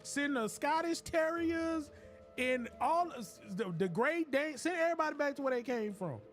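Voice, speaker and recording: High, animated man ranting jokingly. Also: normal speed, soft background music. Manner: animated joking rant with laughs and voices. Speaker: streamer. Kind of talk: casual comedic commentary while gaming.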